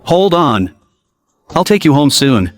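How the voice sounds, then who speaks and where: An actor playing a possessive young company president in a dubbed drama, curt and commanding. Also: male voice, fairly high pitch, big pitch swings, slow pace. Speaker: boss Alexander.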